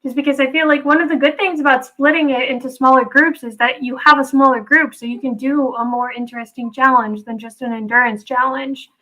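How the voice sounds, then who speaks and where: Bright, high-voiced young woman. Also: fairly even intonation, fairly quick, few pauses, highs cut off. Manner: hesitant, trails off with "so". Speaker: podcast co-host. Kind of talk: casual recap chat.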